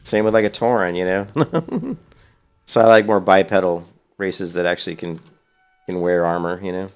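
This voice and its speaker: A man's voice: low voice, moderate pace, clear, resonant tone, soft background music. A man streaming a video game, chatting casually in a rambling, profane way. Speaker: let's play streamer. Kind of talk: casual gaming commentary.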